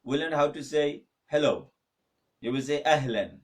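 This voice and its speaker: A man teaching an online Arabic lesson from a mosque, slowly repeating words and asking viewers to write in the comments. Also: a little high. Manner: slow, repetitive drilling, asks for comments.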